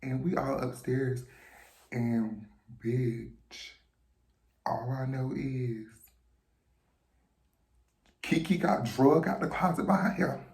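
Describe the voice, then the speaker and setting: A young adult vlogger telling a story in an animated, profane, gossipy way. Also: medium pitch, slow, pauses often. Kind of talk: casual storytime vlog. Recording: roomy room, faint noise.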